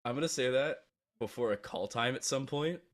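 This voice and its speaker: A man casting esports, giving measured match analysis and dropping dry jokes. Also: mid-range voice. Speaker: esports caster. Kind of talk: esports commentary and banter.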